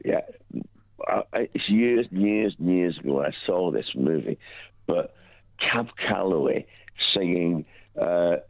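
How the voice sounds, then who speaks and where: A man's voice: low voice, animated, measured pace, creaky, no echo. A man calling in to a radio show over the phone, talking enthusiastically with stammering repeats. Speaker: caller. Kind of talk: phone-in call. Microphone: telephone. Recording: tinny phone line.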